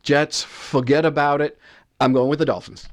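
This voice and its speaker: A man's voice: fairly high pitch, flat delivery, moderate pace. A man anchoring a casual football picks segment, chatty and jokey, often stumbling over his words. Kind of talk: casual sports picks chat.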